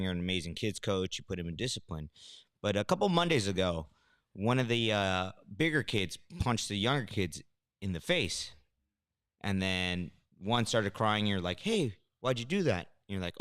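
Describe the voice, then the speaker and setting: Low voiced coach guy teasing his buddy, casual podcast talk. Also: a bit bright, clear, resonant tone. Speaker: martial arts coach.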